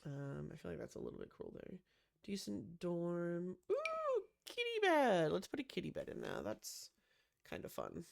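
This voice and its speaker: A woman's voice: lowish voice, huge pitch swings, normal speed, vocal fry, a little mellow. A woman chatting casually with lots of gasps and "um"s as she builds a room in a life-sim game. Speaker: Sims builder. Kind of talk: casual gameplay commentary.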